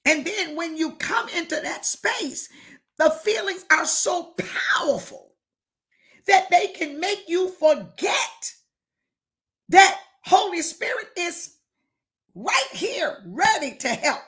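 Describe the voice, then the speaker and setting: A woman's voice: very high voice, big pitch swings, takes it slowly, a bit bright. A woman bishop preaching a fervent sermon, firing rhetorical questions and calling out to listeners, sometimes dropping to a whisper.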